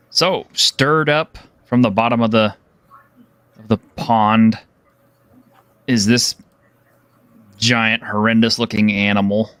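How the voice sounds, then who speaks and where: A man narrating as game master of a tabletop game, relaxed and chuckling, with lots of fillers. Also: fairly low pitch, slow, long pauses, clear, resonant tone, dry recording.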